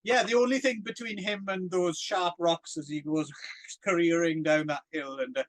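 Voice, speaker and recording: A man co-hosting a podcast, chatting casually about a film in an animated way and laughing often. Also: a little high, normal speed, dry recording. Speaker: podcast co-host. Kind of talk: casual film review chat.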